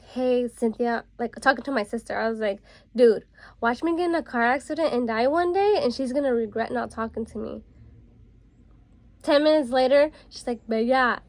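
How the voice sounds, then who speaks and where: A woman's voice: fairly high pitch, vocal fry, no room sound. A young woman vlogger telling a casual storytime while getting ready, chatty and full of fillers. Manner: chatty, many fillers like "like" and "bro".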